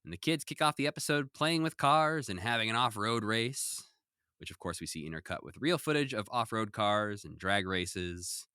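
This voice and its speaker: A man's voice: lowish voice, animated, moderate pace, pushed and bright, smooth, no room sound, studio quality. A man co-hosting a podcast, recapping a cartoon episode in casual chat and acting out quoted lines. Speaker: podcast co-host.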